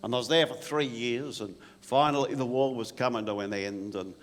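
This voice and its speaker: A man's voice: mid-range voice, moderate pace, soft background music, natural voice. A man with an Australian accent playing an old bushman telling a rambling, stammering storytelling monologue about his soldiering days. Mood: reminiscing. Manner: rambling, stammering yarn with repeated "and, and". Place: live performance venue. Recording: long reverb in a venue hall.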